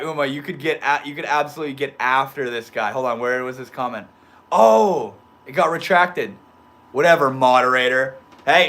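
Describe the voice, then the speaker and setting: A man's voice: a little high, sharp tone. A man hosting a casual live stream, reading the chat aloud, joking around with slang and laughing often. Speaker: livestream host reading chat.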